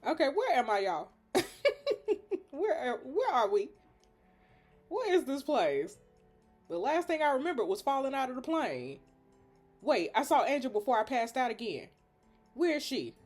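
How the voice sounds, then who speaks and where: Young woman gamer, high and very animated, giggly slangy read-through with faint music behind. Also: moderate pace, long pauses. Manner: giggly, slangy, lively banter. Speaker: gamer playing a story game. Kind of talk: reading a story game aloud with commentary.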